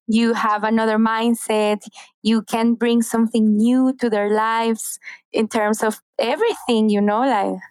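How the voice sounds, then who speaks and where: A woman's voice: a little high, little pitch movement, unhurried, a little mellow, clean tone, no room sound, rough recording. A woman from Mexico with a Mexican accent, a native Spanish speaker, chatting enthusiastically as a podcast guest. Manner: enthusiastic, gushing. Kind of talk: casual interview chat.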